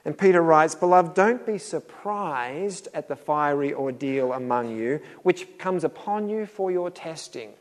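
A man's voice: on the high side, lively intonation, unhurried, hardly any pauses, big-room sound. A middle-aged man preaching a sermon in a conversational way, acting out little dialogues with a chuckle. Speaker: pastor.

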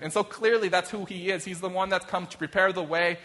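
A man's voice: high-pitched, fairly even intonation, a little fast, few pauses, fairly bright tone. A man preaching a sermon in a conversational way, reading scripture and then acting out quoted voices to make his point. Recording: long reverb of a hall.

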